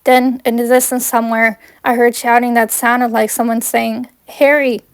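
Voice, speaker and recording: A woman reads her own first-person fan fiction aloud, plain and earnest, in a slightly high voice. The recording is dry and close with no room echo, and her delivery is monotone and moderately paced, with a clear, resonant tone.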